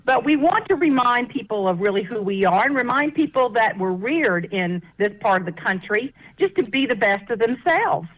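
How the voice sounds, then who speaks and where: A woman's voice: fairly high pitch, animated, normal speed, few pauses, low-quality recording. Chatty Southern woman, laughs a lot. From American South. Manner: folksy, laughs often, chatty. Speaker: guest author. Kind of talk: casual interview storytelling.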